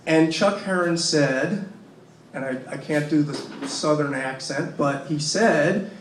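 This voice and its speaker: At a panel, a man from Massachusetts speaks with passion, insistently and repetitively, leaning on rhetorical questions at a measured pace. His voice is pitched slightly high. The mic catches him from far off in an echoey, reverberant room, with a faint hiss in the background.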